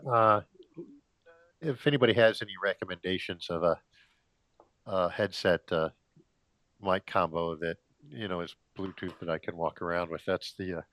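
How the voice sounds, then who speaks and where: A middle-aged man with a low voice talks in a halting, rambling way, full of filler sounds and restarts. He keeps clearing his throat and sounds a little out of breath. His cheap wireless gaming headset gives a dry, close sound. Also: a bit bright, dry recording. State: slightly out of breath. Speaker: vlogger. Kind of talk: rambling casual monologue.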